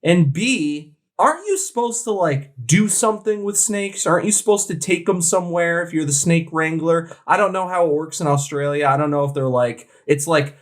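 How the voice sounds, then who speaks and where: A man co-hosting a casual podcast, bantering and joking in an animated way. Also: on the high side, moderate pace, few pauses. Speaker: podcast co-host. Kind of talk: casual chat.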